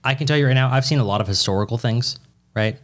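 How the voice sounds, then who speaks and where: A man's voice: medium pitch, fast talker. A man in casual chat as a podcast co-host, swearing a lot and joking rowdily. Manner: profane, rowdy and joking.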